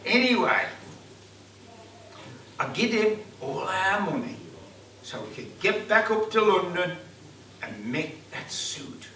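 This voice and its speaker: A man's voice: high voice, sing-song, takes it slowly, pauses often, pushed and bright, a little hiss or hum. A man with a Black Country accent telling a comic tale live in a folk club, in broad colloquial dialect and acting out the characters. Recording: echoey club room, far mic.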